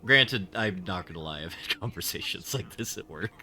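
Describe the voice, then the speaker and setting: A man's voice: low voice, expressive, moderate pace, bright, forceful tone. Giggly, rambling male game streamer. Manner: giggly, rambling, self-deprecating. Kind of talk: casual live-stream commentary.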